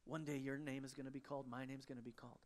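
A pastor giving an emotional sermon, moving between fervent emphasis and hushed, quiet passages. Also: medium pitch, level tone, rapid-fire.

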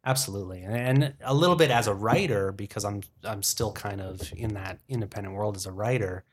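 A man's voice: on the low side, fairly quick. Rambling man in his forties. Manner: rambling, thinking aloud with many restarts. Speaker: podcast guest, film industry worker. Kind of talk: casual interview chat.

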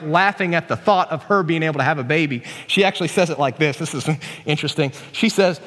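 A man with a notably high voice delivers a casual, joking sermon in a folksy way, full of asides and restarts. His voice rings out with a long reverb in a church hall. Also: lively intonation, fairly quick, a bit bright. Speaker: preacher.

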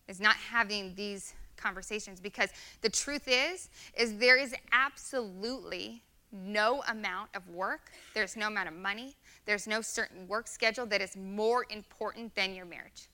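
A woman's voice: mid-range voice, pushed and bright. A woman in her thirties giving an earnest, conversational sermon with many fillers. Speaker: guest speaker.

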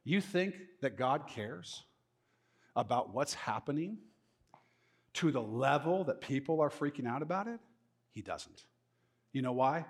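A middle-aged man preaching a sermon as pastor, talking in a lively conversational way and slipping into mock voices. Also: mid-range voice, measured pace, long pauses, husky.

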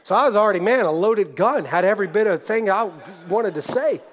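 A man preaching a sermon, telling a testimony story in an earnest way that swings from hushed to loud. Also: high-pitched, lively intonation, brisk.

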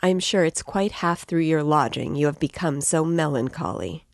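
An anxious, tender middle-aged mother , as a woman reader voices her, pleading with her voice lifted a little higher. The sound is dry and close. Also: lively intonation, normal speed, creaky, no echo. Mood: worried.

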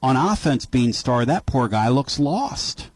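A man hosting a sports call-in radio show, talking emphatically and trading quick remarks with callers. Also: mid-range voice, breathy edge, no echo. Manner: animated and emphatic, quick back-and-forth with callers. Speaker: sports talk radio host.

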